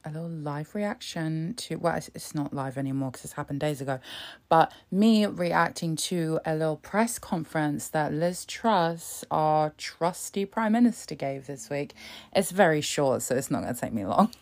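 A woman's voice: sits low, normal speed. A young British woman chatting sarcastically in a casual reaction video, laughing often. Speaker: vlogger.

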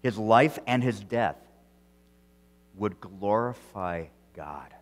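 A male pastor preaching an earnest sermon, repeating words as he goes and swinging between loud emphasis and quiet, soft phrases. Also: on the low side, expressive, takes it slowly, long reverb tail. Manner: earnest preaching with frequent restarts and strong swings in loudness.

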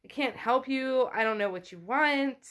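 A woman's voice: sits high, normal speed, fairly bright tone, voice pushed up. A woman voicing a frightened but defiant woman pushing back a threat, while retelling a novel. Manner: defiant, shaken.

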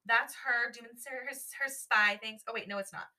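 A woman's voice: a little high, steady tone, normal speed, sharp tone. A young woman co-hosting a podcast in casual chat, giggly and chatty, drifting from topic to topic. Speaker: podcast co-host.

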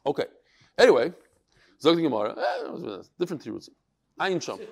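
Lively high-voiced man teaching Talmud. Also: a little fast, vocal fry. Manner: animated, acts out quoted speakers. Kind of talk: Talmud class lecture.

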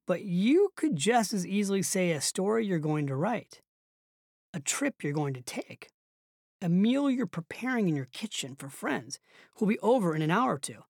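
A woman's voice: medium pitch, very animated, darkish tone, no room sound, clean studio sound. Woman voicing a musing elderly barista. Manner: slow, thoughtful, old-school.

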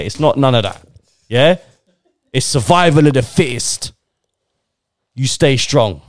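A man's voice: mid-range voice, expressive, measured pace, long pauses. A young man, hosting a casual chat and laying out his views emphatically in slang. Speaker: podcast host.

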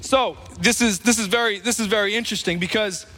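A man's voice: high-pitched, quick pace, bright, forceful tone, in a large hall. A man preaching a sermon as pastor, talking conversationally and calling on the congregation to answer back.

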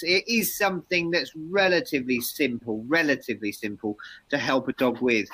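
A man's voice: medium pitch, sharp tone, slight background noise, poor audio. A man co-hosting a casual chat who teases his partner and explains dog behaviour patiently. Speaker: dog trainer co-host. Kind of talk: casual live-stream chat.

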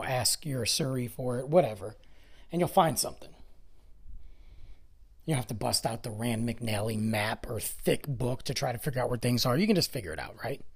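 A middle-aged man hosting a casual solo podcast, rambling conversationally with self-deprecating asides, his voice going hoarse. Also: mid-range voice, a little mellow. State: voice going hoarse, clearing throat. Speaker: podcast host. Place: lives in the Dallas area, Texas.

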